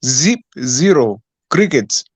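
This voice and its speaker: A man's voice: mid-range voice, very animated, takes it slowly, breathy edge, no room sound. A man calling in to a boxing talk show, joking around in a put-on heavy accent. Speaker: caller. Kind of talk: casual chat.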